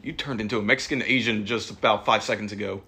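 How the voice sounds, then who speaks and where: Bright-voiced young man trading jokes. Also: lowish voice, steady tone, fast. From United States. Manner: joking, swearing, dry comebacks. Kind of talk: casual chat among friends.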